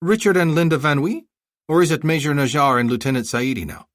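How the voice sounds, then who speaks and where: A man's voice: on the high side, a little fast, no room sound, studio quality, voice pushed up, natural voice. A man voicing a courteous, knowing male embassy colonel.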